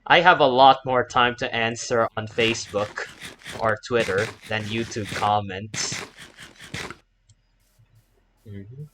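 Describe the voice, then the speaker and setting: A male gamer narrating his own playthrough in a mid-pitched voice, rambling on between moves. He flips into frantic shouting when things go wrong and tosses in Japanese exclamations. A faint hiss sits behind him. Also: fairly even intonation, takes it slowly, pauses often, rough recording. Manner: chatty, breaks into loud panicked shouting. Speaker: gaming YouTuber and English teacher. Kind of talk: let's play commentary.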